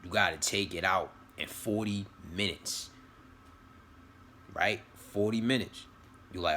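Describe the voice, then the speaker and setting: A man with a low voice talks in a loose, rambling motivational monologue, full of slang, swearing and repeated phrases. His tone is bright and forceful despite the deep pitch. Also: moderate pace, slight background noise. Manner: rambling, slang-heavy, profane, repeats himself. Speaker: vlogger giving spiritual advice.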